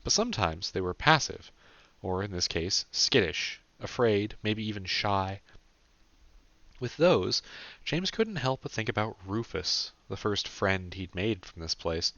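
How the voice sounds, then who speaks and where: A man's voice: on the low side, sing-song, unhurried, bright, forceful tone, no room sound, dull audio. Casting: male audiobook narrator, matter-of-fact, very dry close sound. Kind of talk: scripted narration.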